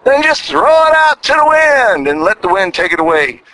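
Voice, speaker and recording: A man's voice: very high-pitched, big pitch swings, moderate pace, bright, forceful tone, distant mic, rough recording. A man in his sixties with a Southern US accent hosting a casual podcast, talking in a folksy, rambling, upbeat way from a vehicle. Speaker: podcast host. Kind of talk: casual faith-tinged podcast monologue. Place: inside a vehicle used as a mobile studio.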